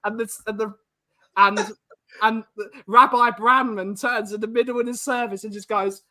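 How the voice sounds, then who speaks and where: A man hosting a casual chat, telling jokey stories and reading out comments with quick restarts. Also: sits high, steady tone, pushed and bright. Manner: fast, joking storyteller with restarts. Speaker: podcast host.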